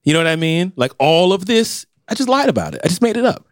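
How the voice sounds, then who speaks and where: An animated man co-hosting a podcast. His voice sits a bit high and swings widely in pitch as he talks. The sound is dry and close. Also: fast talker, no room sound. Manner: animated, acts out quotes in put-on voices. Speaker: podcast co-host. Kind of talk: casual podcast chat.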